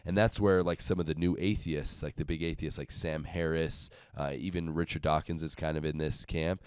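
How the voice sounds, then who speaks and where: A man in a casual podcast discussion, laying out an argument in a measured, step-by-step way. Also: very deep voice, fairly even intonation, darkish tone, clear, resonant tone, dry recording, clean studio sound.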